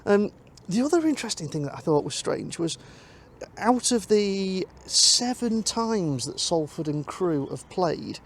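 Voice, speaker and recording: A man's voice: high voice, big pitch swings, a little slow. Chatty man vlogging on the move. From North West England. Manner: chatty, thinking aloud with ums. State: a bit out of breath while walking. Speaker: football vlogger. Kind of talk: casual vlog chat. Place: outdoors, walking to a station.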